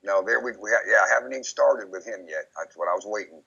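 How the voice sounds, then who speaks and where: A man being interviewed, rambling and repeating himself as he recounts memories, often quoting others in lively put-on voices. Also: lowish voice, fast talker, gravelly, husky. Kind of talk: casual recorded conversation. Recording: dull lo-fi recording.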